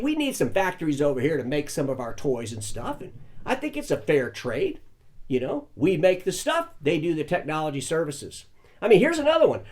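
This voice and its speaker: An older man's somewhat high voice rises and falls broadly as he performs a satirical news monologue. He peppers it with folksy asides delivered in mock earnest.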